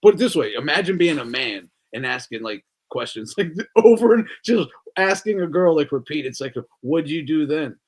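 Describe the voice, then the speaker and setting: A man's voice: a little high, expressive, normal speed, few pauses. A man hosting a casual podcast chat, talking loosely with lots of swearing and frequent laughter. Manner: loose, profane, laughs often. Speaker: podcast host.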